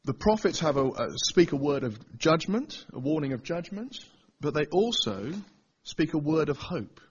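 A man's voice: fairly high pitch, big pitch swings, moderate pace, husky, dull audio. A man preaching a Bible teaching sermon, pressing his listeners with rhetorical questions. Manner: asks the audience rhetorical questions.

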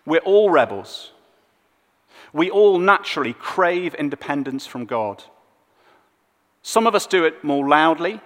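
A man preaching a sermon, swinging between loud emphatic lines and hushed low ones. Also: in a large hall. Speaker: pastor.

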